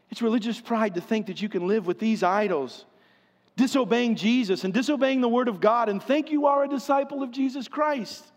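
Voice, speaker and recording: A man preaching a sermon with passion, swinging from loud pleading to hushed, quiet stretches. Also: very high voice, fairly quick. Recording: long hall reverb.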